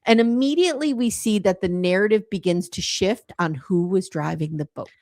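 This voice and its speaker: A woman hosting a podcast, chatting casually and retelling events in a lively storytelling way. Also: medium pitch, moderate pace, no room sound, clean studio sound. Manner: animated storytelling with acted quotes. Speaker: podcast host. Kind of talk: casual chat recapping a documentary.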